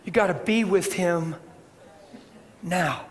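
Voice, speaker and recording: Animated high-voiced male preacher. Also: slow pace. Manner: animated storytelling, swings from shouting to soft hushed tones. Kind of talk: sermon. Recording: echoey hall with faint ambience.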